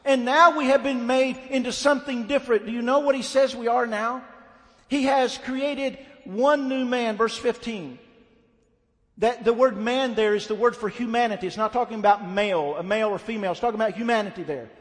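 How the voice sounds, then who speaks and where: A man's voice: extremely high pitch, steady tone, brisk, fairly bright tone. A man preaching a sermon as pastor, blunt and emphatic, his fervor rising as he drives points home. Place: church sanctuary. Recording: long hall reverb.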